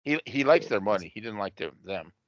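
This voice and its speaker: A man's voice: fairly low pitch, sing-song, brisk, no echo, lo-fi sound. A man bantering on a casual podcast with wry jokes.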